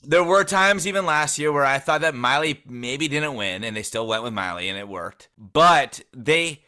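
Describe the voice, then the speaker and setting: A man's voice: medium pitch, animated, moderate pace, sharp tone, smooth. A man co-hosting a casual sports podcast, enthusiastic and opinionated. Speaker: podcast co-host.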